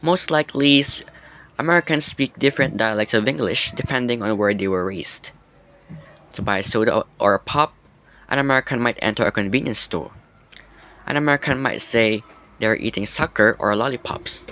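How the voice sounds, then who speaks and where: A man's voice: mid-range voice, brisk, pushed and bright. A man giving a class presentation, explaining things and asking the class questions. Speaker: student presenter.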